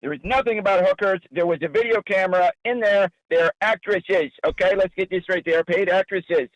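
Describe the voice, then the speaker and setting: Crude, touchy Jersey braggart caller, played by a man; higher voice, muffled dry phone sound. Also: dry recording, lightly acted. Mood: indignant. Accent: New Jersey. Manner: boastful, crude, quick to take offense. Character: sleazy aging male caller, loud braggart producer.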